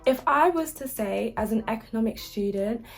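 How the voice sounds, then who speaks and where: Offering laid-back tips about applying to university, this young UK woman sounds chatty and upbeat, dropping frequent likes and ums. Her fairly high, gravelly voice is expressive and moves at a moderate pace.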